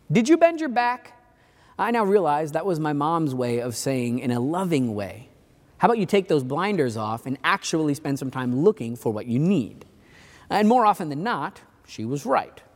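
A man preaching a sermon as pastor, in a relaxed, chatty way full of casual asides. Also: on the high side, long reverb tail. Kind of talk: conversational sermon.

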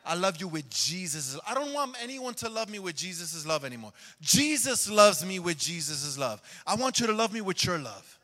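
A man's voice: high voice, very animated, moderate pace, few pauses, bright, forceful tone, long reverb tail. A man giving a conversational sermon testimony in a church, calling out to the congregation for amens. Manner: conversational preaching, asks for amens. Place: church sanctuary.

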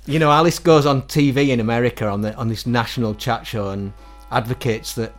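Lively middle-aged Northern English man telling stories. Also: mid-range voice, brisk, soft background music. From England. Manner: animated, quotes others in acted-out voices, laughs often. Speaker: guest musician. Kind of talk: casual storytelling interview.

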